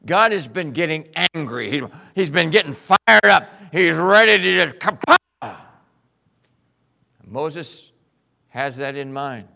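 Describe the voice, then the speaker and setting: A man preaching a sermon, telling a story dramatically and swinging between loud bursts and hushed passages. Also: a little high, lively intonation, moderate pace, vocal fry. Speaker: pastor.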